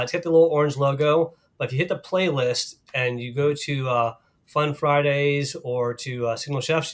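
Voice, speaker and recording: A man's voice: mid-range voice, fairly bright tone. A man co-hosting a casual workplace live stream, upbeat and laughing often, with many fillers. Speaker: co-host of company live stream. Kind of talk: casual chat.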